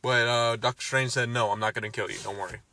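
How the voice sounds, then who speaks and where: A man's voice: mid-range voice, steady tone, quick pace, sharp tone. A man casually recapping a film, ranting and swearing, exasperated. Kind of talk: casual movie recap chat.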